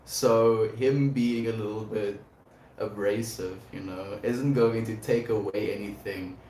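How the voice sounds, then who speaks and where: A livestream host talks casually in an unhurried, warm, lowish voice with fairly even intonation, rambling reflectively and breaking into frequent laughter. The recording has an echoey room and faint background noise.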